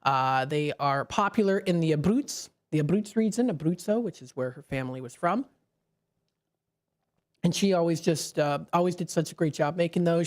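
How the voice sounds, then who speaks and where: A radio host, chatting on a live call-in show from a studio microphone, rambling with many fillers and restarts. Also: medium pitch.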